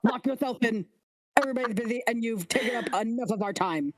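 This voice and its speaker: A fussy, flamboyant king fusses and gushes in a high, fluttery voice, as a woman game master puts him on. He draws out his words theatrically. The sound is dry and close. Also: quick pace, dry recording, close to an everyday voice. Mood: haughty. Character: fussy, flamboyant male king, over-apologetic host.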